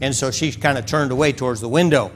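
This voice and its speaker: A man's voice: mid-range voice, fast talker, soft background music. A man preaching a sermon in a church, telling a story in a folksy way and acting out its scenes. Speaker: pastor.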